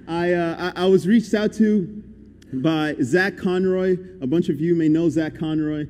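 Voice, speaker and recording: A man's voice: a little high, a little slow, dark tone. A young man giving a guest sermon in a conversational, upbeat and encouraging way. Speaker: guest preacher. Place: church hall. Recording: echoey church hall.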